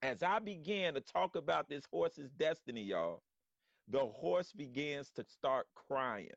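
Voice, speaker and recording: A man telling a story in casual slangy talk on a live stream, animated and acting out quotes. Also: fairly high pitch, a little slow, vocal fry, dry recording, highs cut off. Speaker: guest storyteller.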